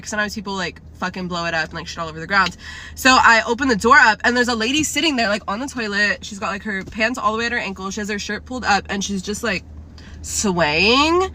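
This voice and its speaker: Bright, chatty woman rambling a story. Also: medium pitch, brisk, a little hiss or hum. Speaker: cafe manager telling a story. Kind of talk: casual storytime vlog.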